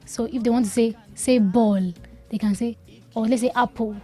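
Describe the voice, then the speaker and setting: Radio guest from Nigeria, woman speech therapist, higher voice, emphatic, repeats her points, faint music behind. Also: fairly even intonation, normal speed, dark tone. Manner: emphatic, repeats key advice. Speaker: speech and language pathologist guest. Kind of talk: radio interview, explaining.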